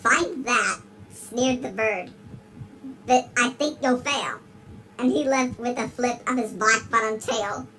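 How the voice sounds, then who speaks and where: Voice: medium pitch, slow pace, bright, forceful tone, rough recording. A performer voicing a giggly big-lipped alligator who gives a dramatic rhyming storybook reading. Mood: storytelling. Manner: reads in rhyme and keeps breaking into giggles.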